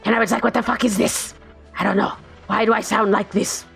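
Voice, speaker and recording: A woman's voice: medium pitch, steady tone, fairly quick, vocal fry, soft background music, voice pushed up, natural voice. A woman putting on the voice of a dazed, goofy male tiny superhero, rambling in a bewildered way.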